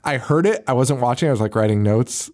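A male podcast co-host recapping a film in casual chat, laughing often, swearing and acting out characters in quick voices. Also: medium pitch, expressive, darkish tone.

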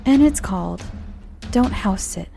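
An American woman hosts a scary-story podcast with a mid-pitched voice and a gravelly, fry-edged texture. She chats in a friendly, gently giggly way, with soft music faintly under her. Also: expressive, unhurried. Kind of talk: horror story podcast narration.

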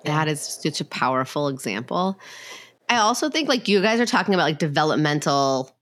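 A woman's voice: low voice, sing-song, fairly quick. A woman therapist talking casually on a podcast, using lots of fillers and sometimes acting out quotes. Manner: conversational, many fillers, acts out quoted voices.

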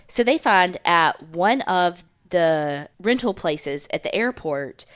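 A woman's voice: on the low side, lively intonation, takes it slowly, few pauses, clean tone. A woman, co-hosting a podcast and telling a true-crime story casually, swearing and acting out the people she quotes. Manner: chatty, swears, acts out quotes in voices. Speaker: podcast co-host.

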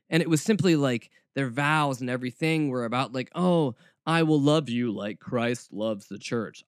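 Close to the mic, a podcast host delivers a casual, snarky, rambling monologue with frequent restarts. His voice is mid-range, with no echo.

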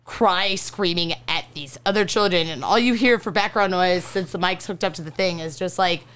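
A young woman co-hosting a podcast, telling profane, animated stories in casual chat. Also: fairly low pitch, moderate pace, clear, resonant tone. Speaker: podcast co-host.

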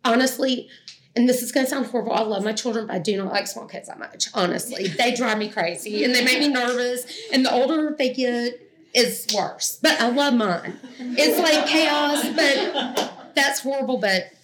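A woman's voice: on the high side, moderate pace, fairly bright tone, slight background noise. A middle-aged woman tells a personal testimony to an audience in a chatty, rambling, self-deprecating way. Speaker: speaker sharing a personal testimony.

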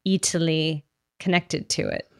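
A woman's voice: sits low, fairly even intonation, a little slow, a little mellow, clean tone, dry recording, clean studio sound. Laughing, playful woman podcast co-host. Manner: bubbly, laughs often, playful. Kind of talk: casual chat. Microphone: studio microphone.

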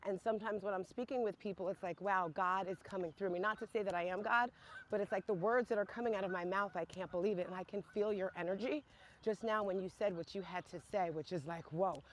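A woman audience member in casual chat, talking in a fast, upbeat way. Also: medium pitch, slight background noise.

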